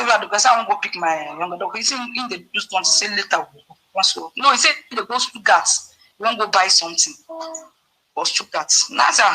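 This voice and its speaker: A woman with a Nigerian Pidgin accent, casually telling a story to her viewers and acting out the dialogue with sudden leaps in pitch. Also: pushed and bright, breathy edge, poor audio. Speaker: vlogger.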